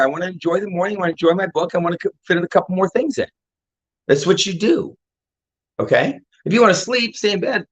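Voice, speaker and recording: Older male coach, energetic motivational chatter, slightly high voice, muffled recording. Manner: energetic, repeats points with rhetorical questions. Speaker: fitness and home business coach. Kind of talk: casual motivational talk. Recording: dull lo-fi audio.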